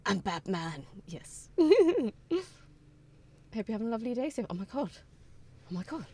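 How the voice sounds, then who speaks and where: A woman streamer with a high-ish, sing-song, warm voice chats casually on a live stream at a moderate pace, greeting viewers one by one and sounding tired. She uses a streaming mic with headphones on, and faint chill music plays in the background.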